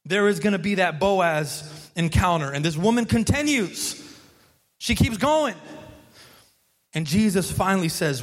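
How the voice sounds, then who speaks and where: A man's voice: high voice, animated, measured pace, in a large hall. A man preaching a sermon, telling the story in a casual, conversational way with emphatic repetition. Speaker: pastor.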